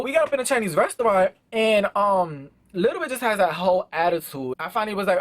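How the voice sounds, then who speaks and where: A young man rattles through a casual storytime, his pitch jumping all over as he talks fast and slangy. The sound is dry and close, recorded indoors at home. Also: no echo. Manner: animated, slangy, quick. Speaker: vlogger. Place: indoors at home before a backdrop.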